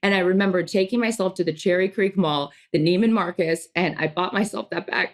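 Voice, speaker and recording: A woman's voice: fairly low pitch, brisk. A woman in her thirties co-hosting a podcast, talking in an emotional, rambling way with many restarts. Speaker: podcast co-host. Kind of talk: casual podcast chat.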